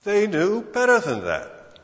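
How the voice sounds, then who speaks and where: A man's voice: sits high, wildly swooping pitch, slow, a bit bright. A man preaching as pastor, often asking the congregation rhetorical questions, acting out what imagined people think and stumbling into word repeats. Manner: acts out imagined speakers' thoughts; frequent word repeats and restarts. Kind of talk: sermon. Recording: long hall reverb, dull lo-fi sound.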